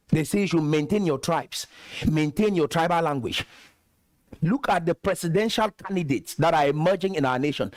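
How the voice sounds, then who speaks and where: A man from Cameroon lectures straight at his audience and hammers his points home through repetition. His voice sits high for a man. The recording is close and dry, with no room around it. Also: no room sound. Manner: emphatic, lecturing, repeats points. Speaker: host. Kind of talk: direct-to-camera commentary.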